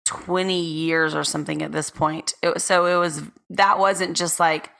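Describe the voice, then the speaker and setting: A woman co-hosting a podcast in easy, chatty conversation, tossing in laughing asides. Her voice sits a little low yet rings bright and forceful. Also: flat delivery, normal speed, creaky. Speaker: podcast co-host. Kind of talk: casual chat.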